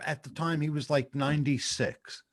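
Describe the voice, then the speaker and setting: A middle-aged man co-hosting a comedy talk show over a video call, telling stories in a teasing, deadpan way. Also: fairly high pitch, moderate pace, noisy background. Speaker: podcast co-host. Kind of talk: casual chat on a video call.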